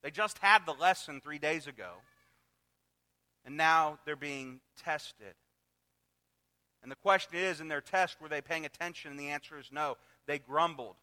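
A high, bright-voiced man preaching to his congregation. He delivers the sermon with animated emphasis, punching key words loudly, then easing into softer asides. His voice rings out in the long reverb of a large hall. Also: normal speed, smooth. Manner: animated preaching with sudden loud emphatic repeats. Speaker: pastor.

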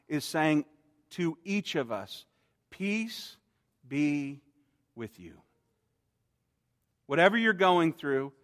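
A man delivers an earnest sermon in a fairly high voice. He eases soft and slow on quoted words. The sound carries a long reverb, as in a large church hall. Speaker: pastor.

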